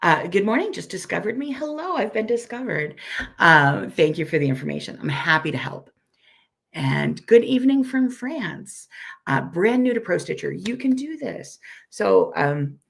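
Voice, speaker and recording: A woman with a weak, hoarse voice from a recent illness gives a friendly, self-deprecating live software tutorial and repeats each step slowly. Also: fairly low pitch, big pitch swings. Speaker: software instructor.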